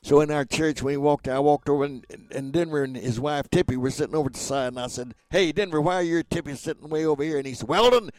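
A man's voice: on the high side, fast, hardly any pauses, no echo. Older male entertainer as interview guest, spins anecdotes and voices the quotes, dry close sound. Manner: animated storyteller who acts out quoted dialogue.

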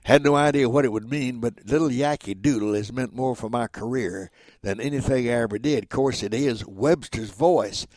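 A man in his nineties, a voice actor, telling stories in a folksy, animated way as an interview guest. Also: medium pitch, moderate pace, no echo. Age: 90s. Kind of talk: casual interview storytelling.

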